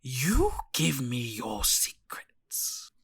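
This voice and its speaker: A man's voice: mid-range voice, wildly swooping pitch, drawn-out words, gravelly, breathy edge, dry recording, heavily acted. A man doing a whispering spider matron. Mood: menacing. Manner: hushed, whispery. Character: menacing female spider caretaker, cold.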